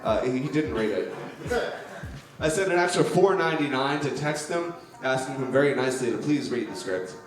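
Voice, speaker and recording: Deadpan stand-up comedian in echoey club. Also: male voice, mid-range voice, fairly quick, soft background music. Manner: deadpan, mock-formal presenting. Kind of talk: stand-up slideshow presentation.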